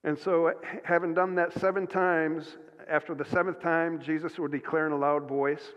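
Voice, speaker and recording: Male pastor, sermon, earnest, stumbling restarts, fairly high voice, long hall reverb, dull sound. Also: little pitch movement, moderate pace, hardly any pauses. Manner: earnest, restarts often, many fillers.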